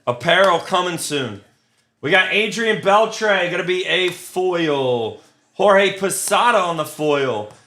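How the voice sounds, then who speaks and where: A man's voice: high-pitched, expressive, takes it slowly, bright, forceful tone. A man hosting a live card break, reading out pulls with crude, joking banter. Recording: roomy with faint noise.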